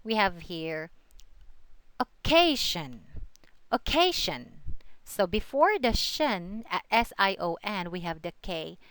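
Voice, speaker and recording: A woman teaching a lesson on word stress, speaking slowly and patiently, saying each example word twice, thinking aloud with fillers and small self-corrections. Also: fairly low pitch, lively intonation, fairly bright tone, clear, resonant tone, no room sound. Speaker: student teacher presenting a lesson.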